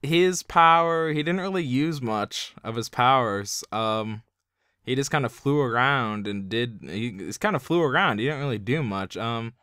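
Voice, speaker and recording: Rambling young man with a smooth voice. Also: medium pitch, expressive, moderate pace, fairly bright tone, dry recording, studio quality. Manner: rambling, fillers like "like" everywhere. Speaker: video reviewer. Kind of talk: casual opinion review.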